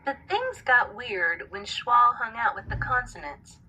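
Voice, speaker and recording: Teacher lady reading a story out loud, slow, bright, kinda breathy. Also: a little high, sing-song, poor audio. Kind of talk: reading a storybook aloud to a class.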